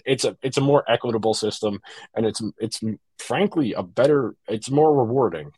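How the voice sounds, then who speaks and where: A man co-hosting a casual hockey podcast, opinionated and animated, often restarting his sentences. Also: mid-range voice, normal speed, breathy edge, no echo. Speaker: podcast co-host.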